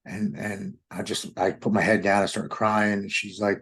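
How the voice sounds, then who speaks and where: Earnest man with a lowish voice sharing a candid recovery story, stumbling through restarts. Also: little pitch movement, creaky, fairly bright tone, slightly rough. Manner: earnest, halting with many restarts. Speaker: podcast guest.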